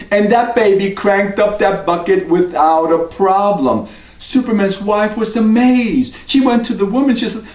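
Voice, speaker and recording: A man telling a folk tale to listeners in an expressive storytelling style. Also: high-pitched, measured pace. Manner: expressive, lively, sings refrains. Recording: roomy, mic at a distance.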